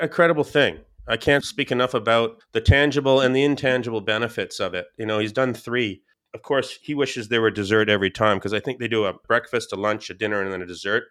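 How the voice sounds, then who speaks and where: A man, a podcast guest, telling stories in a lively casual way, often laughing and repeating words. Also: lowish voice, smooth. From Scottish-English family. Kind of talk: casual storytelling.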